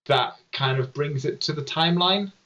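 A man's voice: on the high side, moderate pace, fairly bright tone, rough recording. Rambling man on a casual podcast. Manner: rambling, hedging with "sort of".

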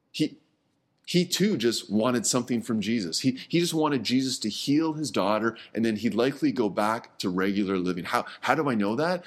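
A middle-aged man preaching a sermon in a conversational way, often repeating words and dropping low and soft on key words. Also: breathy edge. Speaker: pastor.

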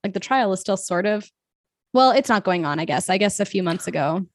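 A woman's voice: mid-range voice, animated, fairly quick, dry recording. A woman in casual chat about a TV series who laughs easily and rambles.

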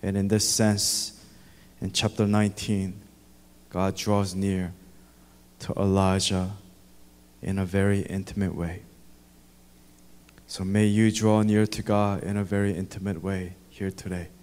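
A man's voice: low voice, flat delivery, measured pace, long pauses, darkish tone, clean tone. A male pastor delivering a sermon with an earnest, repetitive preaching cadence, recorded in a church sanctuary. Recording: echoey church hall.

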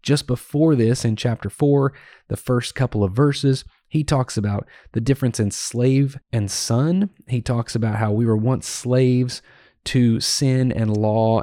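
Man, podcast Bible teacher, earnest conversational delivery, warm low-bright tone, dry recording. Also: measured pace, dry recording. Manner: earnest, explains and paraphrases verses conversationally. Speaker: podcast host teaching scripture.

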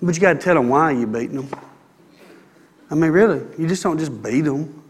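A man preaching a sermon, animated and acting out the people he quotes. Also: on the high side, brisk, pauses often, slightly rough, long reverb tail. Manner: animated, acts out quoted people, calls for amen.

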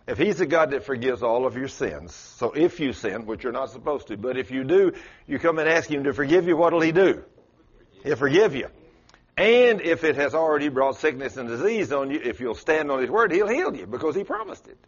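A man's voice: mid-range voice, big pitch swings, brisk, breathy edge. A man preaching a sermon in a church, folksy and storytelling, with Southern turns of phrase. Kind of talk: folksy sermon with acted-out quotes. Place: church sanctuary with congregation. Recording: dull lo-fi church recording.

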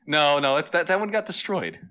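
A man's voice: on the high side, brisk, pushed and bright. A man co-hosting a casual comedy podcast, quizzing his partner and laughing easily. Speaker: podcast co-host.

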